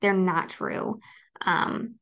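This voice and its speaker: A woman's voice: mid-range voice, extremely slow, fairly bright tone, highs cut off. A woman hosting a solo podcast, talking earnestly and reassuringly to her listeners, with frequent ums. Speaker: podcast host. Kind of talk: personal solo podcast talk.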